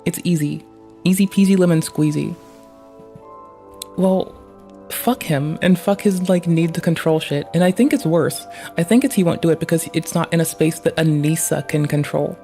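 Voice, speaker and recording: A man's voice: on the high side, steady tone, normal speed, warm tone, faint music behind. A man streaming live, reacting to a clip with profane, ranting commentary.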